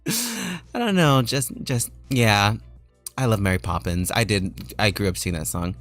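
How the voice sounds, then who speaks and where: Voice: low voice, moderate pace, fairly bright tone, dry recording, soft background music. A streamer chatting casually with viewers while drawing, playful and teasing and laughing often.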